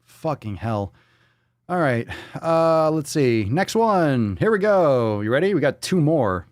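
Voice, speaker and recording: A man hosting a live podcast, ranting in a profane, sarcastic, mocking way, jumping from loud outbursts to muttered asides. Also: fairly high pitch, very animated, takes it slowly. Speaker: podcast host. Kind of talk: live-stream podcast rant.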